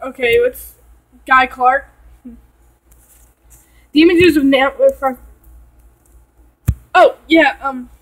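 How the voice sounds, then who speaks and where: Woman from Texas, casual reaction vlog, high-pitched, ranty, swears a lot. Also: slow pace, pauses often, poor audio. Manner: ranting, frequent swearing and filler words. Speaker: vlogger reacting to a video.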